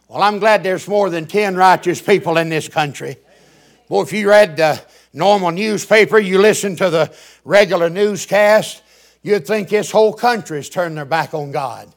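An older man, a radio preacher delivering a fiery sermon that builds to shouts. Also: sits high, normal speed.

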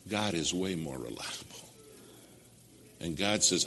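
A man preaching a sermon and telling stories, swinging between loud emphasis and hushed near-whispers. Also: low voice, animated, slow. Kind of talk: sermon with storytelling. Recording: long hall reverb.

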